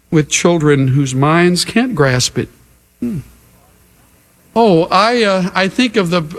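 A middle-aged male pastor preaching a sermon in an earnest way, with unhurried, emphatic pauses. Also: on the high side.

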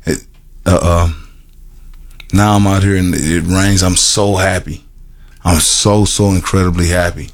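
Deep-voiced man telling his story haltingly. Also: steady tone. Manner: halting, repetitive storytelling with many restarts and fillers; earnest and emotional, laughs at himself. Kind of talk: personal testimony to a group.

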